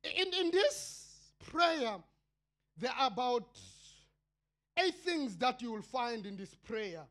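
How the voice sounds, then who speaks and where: South African male pastor, slow fiery sermon, cries out then drops to murmurs. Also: lively intonation. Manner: impassioned, swinging between shouted cries and low murmurs.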